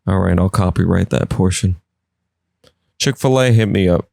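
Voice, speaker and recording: A man's voice: deep voice, moderate pace, creaky, darkish tone, no room sound, studio quality. A man hosting a podcast, riffing in a rambling, jokey way. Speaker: podcast host. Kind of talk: casual comedic riffing.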